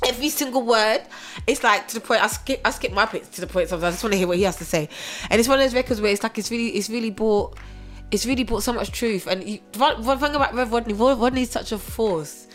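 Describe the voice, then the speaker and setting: A middle-aged woman from England, a singer, talking casually in an interview with animated, laughing storytelling. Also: fairly high pitch, faint music behind. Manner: fast, animated storytelling with frequent laughs and restarts.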